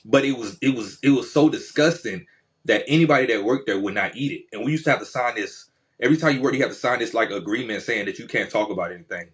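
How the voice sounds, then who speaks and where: A man's voice: medium pitch, fast. A man from Georgia, co-hosting a casual podcast chat and telling stories in slangy speech full of fillers. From Georgia, USA. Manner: slangy, storytelling with repeated fillers. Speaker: podcast co-host.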